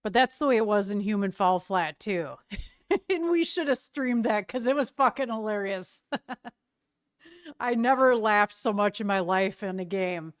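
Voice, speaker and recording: A woman streaming from home, chatting easily with her viewers at a mid pitch. She talks in a relaxed way and laughs often. Her voice sits dry and close to the desk mic. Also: measured pace, no echo. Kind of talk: casual chat with viewers.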